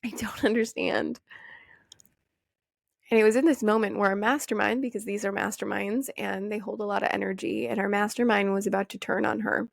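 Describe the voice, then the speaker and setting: A young woman hosting a podcast, talking casually and with energy, swearing freely and acting out her old questions in a higher voice. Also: fairly even intonation, quick pace, vocal fry, hardly any pauses, dry recording, studio quality. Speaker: podcast host. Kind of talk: casual motivational monologue.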